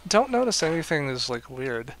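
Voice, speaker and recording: A man's voice: on the high side, sing-song, moderate pace, a little hiss or hum. A man streaming a video game, giving casual, wry commentary on a desk mic. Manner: musing, wry.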